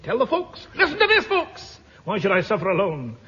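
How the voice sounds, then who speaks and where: An actor playing an excitable, bumbling adventurer who narrates to the listeners in a theatrical 1950s radio comedy. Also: male voice, brisk. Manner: shrill and theatrical, addresses the listeners. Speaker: hapless hero and narrator. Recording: muffled old radio broadcast, loud studio audience and hiss.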